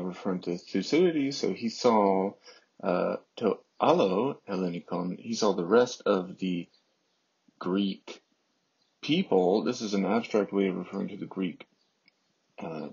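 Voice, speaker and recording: Man, low gravelly voice, slow patient teacher, lots of filler pauses. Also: expressive, a little mellow, lo-fi sound. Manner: unhurried, frequent fillers. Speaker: Greek teacher. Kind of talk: slow explanatory lesson.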